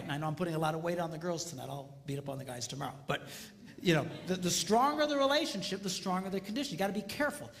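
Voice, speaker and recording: An older man giving a seminar talk on marriage, animated and acting out voices as he tells stories. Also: high voice, long reverb tail. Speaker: speaker on marriage.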